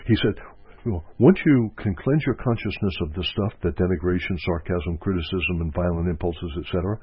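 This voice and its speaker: Low husky guy doing a spiritual teaching talk, repeats stuff to drive it home, thin phone-line sound. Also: brisk, no echo. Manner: reflective, repeats phrases for emphasis. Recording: dry, phone-like narrow sound.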